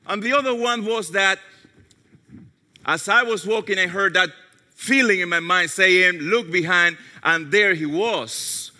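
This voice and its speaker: A man's voice: high-pitched, a little slow. Man preaching in an echoing hall. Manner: storytelling, drops to soft tones for quoted prayers. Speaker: pastor. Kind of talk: sermon. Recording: long hall reverb.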